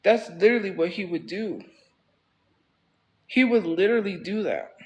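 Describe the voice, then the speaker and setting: High-voiced man rambling on a livestream. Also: normal speed, lo-fi sound. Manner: rambling, repeats phrases for emphasis. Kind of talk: casual livestream storytelling.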